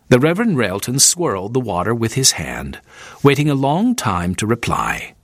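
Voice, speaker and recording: A man reading an audiobook in clear, even scripted narration. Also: fairly low pitch, normal speed, dry recording, studio quality.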